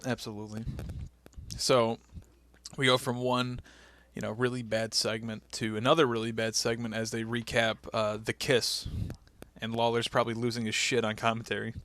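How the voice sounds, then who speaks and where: A man's voice: mid-range voice, moderate pace, dry recording. A man co-hosting a casual podcast, eagerly retelling scenes and quoting the people in them. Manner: energetic storytelling, quotes people and laughs. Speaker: podcast co-host. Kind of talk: casual chat.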